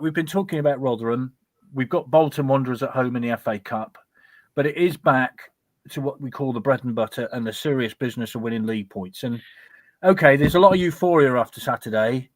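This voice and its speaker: A man's voice: mid-range voice, no echo. A man hosting a casual fan talk show, chatty and reading out listener messages. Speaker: host.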